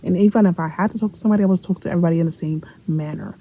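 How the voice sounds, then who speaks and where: A woman's voice: lowish voice, racing, mellow, low-quality recording. A young woman from Brooklyn with a New York accent tells a storytime vlog in a blunt, profane, joking way, acting out what the other people said. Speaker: vlogger telling a story. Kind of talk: casual storytime monologue.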